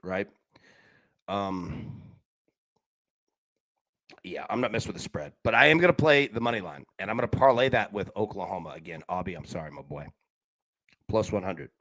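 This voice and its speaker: A man's voice: low voice, expressive, normal speed, long pauses, fairly bright tone, no echo. A man hosting a live sports betting show, chatting casually with viewers and giving his picks, with slang and frequent restarts.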